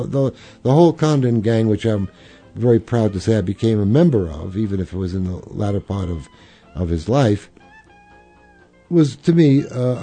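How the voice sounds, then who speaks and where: A man's voice: fairly low pitch, dark tone, slightly rough. An older man, a jazz clarinetist, reminiscing in an interview, rambling with fillers and restarts.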